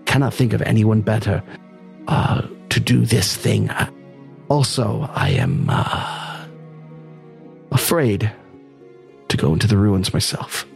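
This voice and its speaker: A man voicing a nervous, winded male merchant who is running for office. He speaks in a high, stammering rush. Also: big pitch swings, takes it slowly, creaky, pauses often, faint music behind, exaggerated voice. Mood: earnest. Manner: high-pitched, stammering, breathless.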